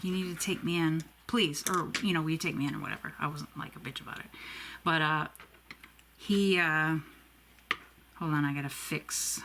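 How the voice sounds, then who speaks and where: A woman's voice: fairly low pitch, noisy background. A woman in her forties telling a long rambling story while doing her makeup, chatty and swearing freely. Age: 40s. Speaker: beauty vlogger.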